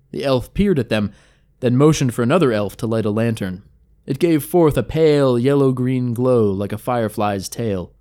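A man narrating a fantasy tale from a tabletop campaign in an expressive, measured reading. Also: mid-range voice.

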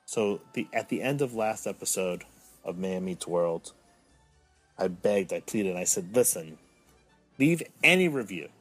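A podcast host in his thirties runs a solo show in a mock-dramatic way, hamming up his moods as he slides from self-pitying mumbles into indignant outbursts. His voice is low, darkish and fairly even in intonation, unhurried, with soft music behind him.

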